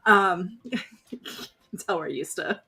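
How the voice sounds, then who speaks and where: A woman's voice: fairly low pitch, animated, slow pace, noisy background. A woman co-hosting a live stream on a video call, chatting casually, laughing and swearing. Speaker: co-host.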